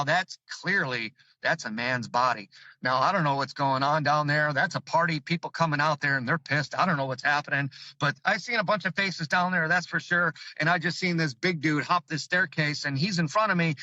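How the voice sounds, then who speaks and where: A man from Chicago, a call-in guest, telling a personal story with vivid excitement, his voice climbing high as he relives the fear. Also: no echo, highs cut off.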